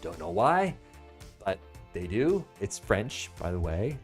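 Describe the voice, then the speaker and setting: Animated American man on a live stream. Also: lowish voice, takes it slowly, soft background music. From United States. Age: 30s. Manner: animated, jokey, swings between loud bursts and soft asides. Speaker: livestream product reviewer. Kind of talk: live-stream product pitch.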